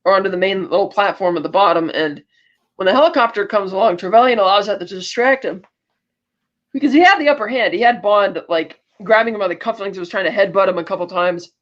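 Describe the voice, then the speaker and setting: A woman's voice: mid-range voice, quick pace, highs cut off. A woman co-hosting a podcast, retelling a film plot in a rambling, chatty way. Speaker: podcast co-host. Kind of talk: casual chat recapping a film plot.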